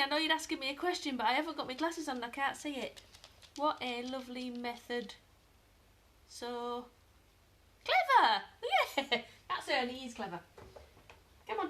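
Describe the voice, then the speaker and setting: A British woman giving a casual live dog-training lesson at home, chatting to viewers and breaking into high-pitched praise for her dog. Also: a bit bright. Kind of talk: live-streamed training demo.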